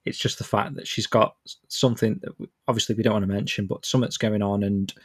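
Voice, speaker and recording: A man's voice: fairly low pitch, steady tone, fast, husky, dry recording, clean studio sound. A man co-hosting a casual podcast, laughing often and restarting his sentences. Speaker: podcast co-host.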